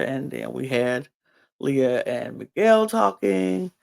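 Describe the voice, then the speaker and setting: A woman's voice: extremely low pitch, sing-song, slow pace, vocal fry, a little mellow. A woman casually recapping a reality show, chatty and rambling with frequent ums and restarts. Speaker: podcast recapper.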